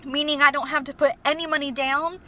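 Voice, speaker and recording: A woman's voice: high voice, fairly even intonation, brisk, sharp tone. A young woman telling a story in a casual vlog, chatty and emotional, with lots of fillers. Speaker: vlogger. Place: inside a car.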